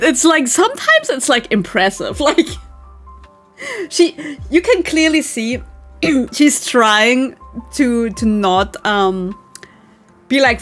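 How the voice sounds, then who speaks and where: A young woman on a live stream, laughing in disbelief and talking straight to her chat. Her voice sits fairly high and bounces all over the place. Soft music plays underneath. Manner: giggly, incredulous, talks to chat. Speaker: virtual streamer.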